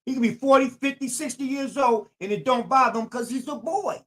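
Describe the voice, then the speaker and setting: A man's voice: very high-pitched, brisk, a bit bright. Older man preaching in AAVE. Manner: preachy, repetitive, emphatic. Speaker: YouTube channel host. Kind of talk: streetwise commentary monologue.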